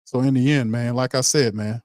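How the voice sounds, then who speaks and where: A man's voice: mid-range voice, steady tone, brisk, a little mellow, dry recording, clean studio sound. A man hosting a sports show, ranting heatedly and calling on his chat to agree. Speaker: sports podcast host. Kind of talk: opinionated sports commentary.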